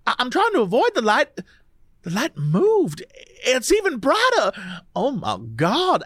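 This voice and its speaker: A woman's voice: high voice, fairly bright tone, dry recording, clean studio sound, exaggerated voice. A woman voicing a frightened young woman under hypnosis with a Louisiana accent, who stammers and halts as she recounts. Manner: halting, stammering, breathless recounting.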